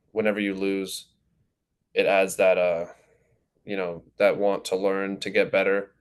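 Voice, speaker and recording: A teenage young man from New Jersey, answering interview questions in a relaxed, rambling way with plenty of fillers. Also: deep voice, clear, resonant tone. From New Jersey, USA. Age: teens. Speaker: goalkeeper guest.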